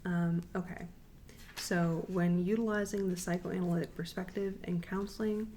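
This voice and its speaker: Young woman student presenter, low gravelly voice, slow repeated quiz readout, faint room noise. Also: a little mellow. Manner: measured, repeats questions and options slowly, frequent ums. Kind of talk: recorded class presentation with quiz questions.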